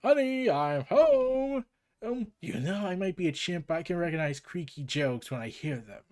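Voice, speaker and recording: A man's voice: sits high, lively intonation, moderate pace, a little mellow. A man voicing a wisecracking male chimp on monitor duty, with dry teasing banter.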